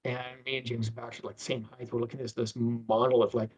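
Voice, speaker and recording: A man's voice: mid-range voice, little pitch movement, a little fast, darkish tone, slightly rough. A middle-aged man, a guest on an interview, telling anecdotes in a rambling way with many restarts and acted-out voices. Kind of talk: anecdotal storytelling. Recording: dull lo-fi sound.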